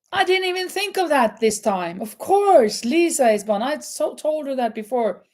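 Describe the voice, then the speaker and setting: A woman's voice: high voice, lively intonation, measured pace, darkish tone. A woman hosting a live crochet chat, reading out quiz questions and answering viewers, laughing often. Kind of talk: casual live-stream chat.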